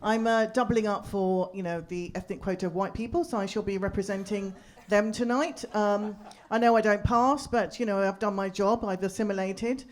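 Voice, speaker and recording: A woman's voice: mid-range voice, steady tone, normal speed, hardly any pauses. A woman performing a stand-up comedy set at a live venue, chatty and teasing the crowd with rhetorical asides.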